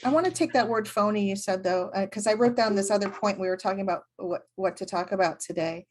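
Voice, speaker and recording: A woman co-hosting a podcast, talking in a thoughtful, searching way with frequent pauses. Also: medium pitch, slight background noise. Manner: thoughtful, many fillers and restarts. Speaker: podcast co-host, medium. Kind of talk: reflective casual chat.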